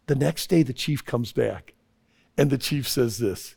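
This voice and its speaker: A man's voice: medium pitch, a little slow, gravelly, darkish tone, husky. A man preaching a sermon to young people, emphatic and repetitive, weaving in a story.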